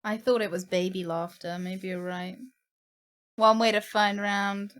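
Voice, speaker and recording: A woman's voice: medium pitch, steady tone, unhurried, fairly bright tone. A woman streaming a horror game live, talking to herself and her chat with nervous, jittery laughter.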